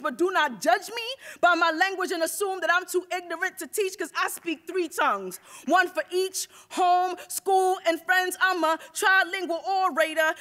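High, bright-voiced woman performing poetry. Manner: rhythmic, rhyming delivery. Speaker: spoken word poet. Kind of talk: live spoken word performance. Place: stage at a university event.

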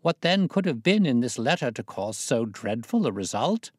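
A man reading aloud, voicing an earnest young gentleman who cries out in alarm. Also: medium pitch, big pitch swings, normal speed, breathy edge, no room sound, clean studio sound. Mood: horrified. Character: horrified young male friend.

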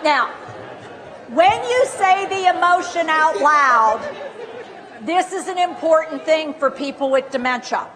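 High-voiced woman trainer in an echoey hall. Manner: lively, direct, coaching the audience with questions. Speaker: dementia care trainer. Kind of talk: live training workshop. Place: training room.

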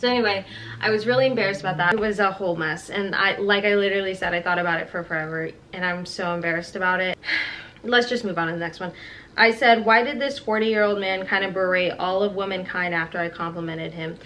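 A woman's voice: mid-range voice, fairly even intonation, quick pace, a bit bright. A woman in her twenties telling work stories in a casual vlog, rambling with lots of "like" and acting out the quoted dialogue. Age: 20s. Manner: chatty, rambling with many "like"s, acts out quoted dialogue. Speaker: vlogger. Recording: slightly distant mic with faint background noise.

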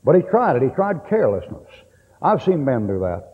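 A man's voice: medium pitch, big pitch swings, normal speed, husky, big-room sound. Folksy preacher man, tinny old tape. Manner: folksy, blunt, cracks jokes. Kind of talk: sermon.

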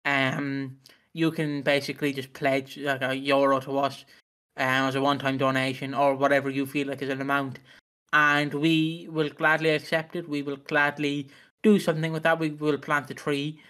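A man's voice: medium pitch, level tone, normal speed, a bit bright, smooth. A young man co-hosting a podcast in casual chat, ranting and swearing heavily. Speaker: podcast co-host.

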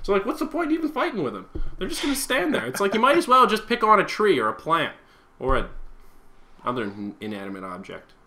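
A man's voice: high-pitched, wildly swooping pitch, quick pace, sharp tone. A young man co-hosting a casual talk show, rambling and repeating words as he starts his sentences. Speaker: podcast co-host. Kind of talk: casual chat.

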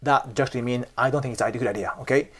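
A man's voice: mid-range voice, fast, a bit bright. A man from Japan with a Japanese accent, explaining culture in casual talk, emphatic, often checking "okay?" and acting out examples. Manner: emphatic, repeats "okay?" and "seriously", acts out examples. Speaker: cultural commentator.

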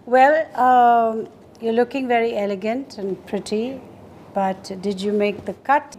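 A woman judging a modeling pageant, poised and measured. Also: on the high side, a little mellow, a little hiss or hum. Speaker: pageant organizer and judge. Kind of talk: reality show judging.

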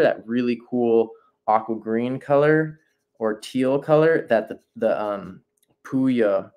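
A man talks through a painting lesson in a relaxed, improvised way, often stopping mid-thought and starting his sentences again. His tone stays friendly and encouraging as he invites viewers to sketch with him. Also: on the low side, gravelly. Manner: thinks aloud, breaks off and restarts sentences. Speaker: nature journaling instructor. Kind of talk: casual live painting demonstration.

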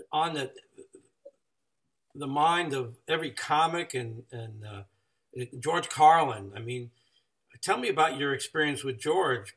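A male host asking a guest questions in a halting way with many fillers. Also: mid-range voice, fairly bright tone, far from the mic. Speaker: podcast host. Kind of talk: interview questions.

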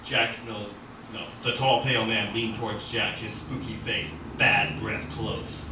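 A man reading from his own novel at an open mic in an art gallery, animated, with asides and self-corrections. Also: on the low side, unhurried, background noise. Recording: echoey gallery from far off.

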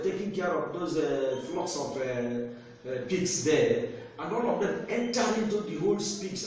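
Emphatic preacher, echoey room. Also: male voice, on the high side, darkish tone, a little hiss or hum. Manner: emphatic, rising and declaiming. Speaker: preacher and TV program host. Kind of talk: preaching commentary sermon. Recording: echoey room, distant mic.

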